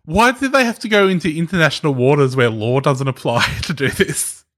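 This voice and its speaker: A man co-hosting a podcast, throwing in quick jokes during casual comedic chat. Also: a little high, a bit bright. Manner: quick quips, laughing. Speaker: podcast co-host.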